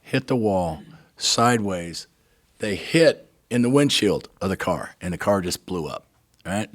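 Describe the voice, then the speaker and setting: An older man with a deep voice, speaking a little slowly, tells a personal story with feeling as a guest on a talk show. He narrates animatedly, acting out what people said and repeatedly checking in with "right?", all in clean studio sound with no room echo.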